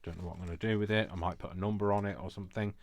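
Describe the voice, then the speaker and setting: A man's voice: deep voice, steady tone, rapid-fire. A man chatting casually and rambling with self-mocking asides while he makes a craft journal. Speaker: craft vlogger.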